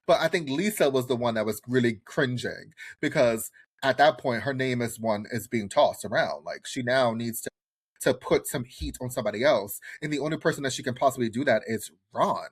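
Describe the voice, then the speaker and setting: Animated, profane male podcast co-host. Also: medium pitch, breathy edge. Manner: animated, profane, quick to mimic others. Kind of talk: casual recap chat.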